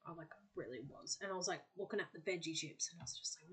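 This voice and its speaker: A woman's voice: lowish voice, fast talker, background noise. A woman hosting a podcast, chatting casually and bubbly, with lots of filler words. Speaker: podcast host.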